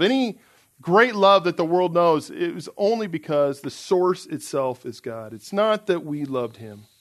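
A man's voice: high-pitched, fairly bright tone. A man preaching a sermon in an earnest, emphatic way, reading out scripture passages.

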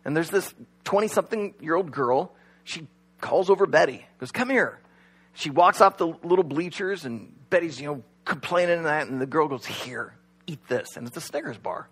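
A man's voice: on the high side, a little fast, husky. A man preaching a sermon as pastor, talking in a conversational way and telling stories with acted-out quotes.

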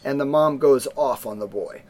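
Middle-aged male co-host, casual film-review chat, lively storyteller who acts out scenes. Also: medium pitch, moderate pace.

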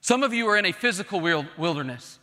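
Male pastor, high bright tenor, earnest emphatic sermon delivery, long church-hall reverb. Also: animated, fast talker. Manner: earnest, emphatic preaching that swells into pleading.

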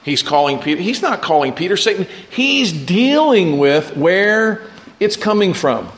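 A man's voice: sits high, very animated, unhurried. A man pastor preaching a conversational sermon to his church, reading scripture aloud and talking through it with frequent restarts.

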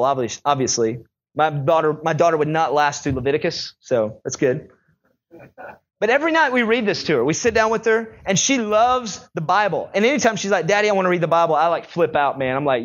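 A young male pastor preaching a sermon in a conversational, animated storytelling way. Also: on the high side, muffled recording.

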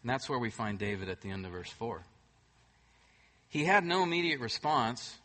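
A man preaching a sermon as pastor, emphatic, swinging between loud bursts and soft, hushed moments. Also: mid-range voice, very animated, normal speed.

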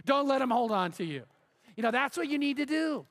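A man's voice: extremely high pitch, big pitch swings, a little fast, fairly bright tone. A middle-aged male pastor preaching a sermon in an earnest, emphatic way, building with repeated phrases.

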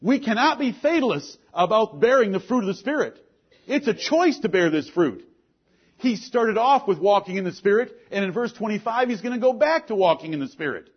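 A man preaching a sermon with force, asking pointed questions and swinging between loud and low lines. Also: very animated, fairly quick, slightly rough, lo-fi sound. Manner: forceful preaching, rises and drops sharply, rhetorical questions. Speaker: pastor.

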